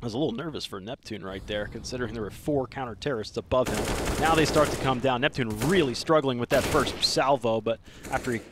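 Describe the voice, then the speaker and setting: A man with a Southern US accent doing excitable live esports commentary. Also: medium pitch, fast talker, background noise. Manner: excitable, talks over the action.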